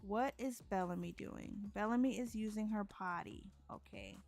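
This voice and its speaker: A woman's voice: medium pitch, normal speed, vocal fry, darkish tone, faint music behind. A woman streaming a life-sim game, chatting casually, giggling often and narrating what her characters think and say. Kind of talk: casual let's-play commentary.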